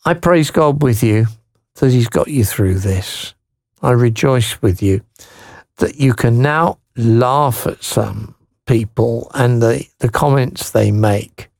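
Christian radio guy, slow and gravelly, reads a letter then prays, keeps asking isn't it. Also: mid-range voice, no room sound, clean studio sound. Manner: gentle, encouraging, leans on tag questions. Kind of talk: pastoral talk, reading a listener's letter and praying.

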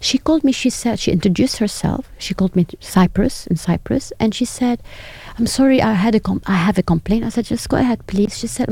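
Woman, earnest storyteller, gravelly fry, mellow tone, dry close sound. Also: on the high side, dry recording. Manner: earnest, quotes others in lively voices. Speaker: guest, ministry broadcaster. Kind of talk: interview storytelling.

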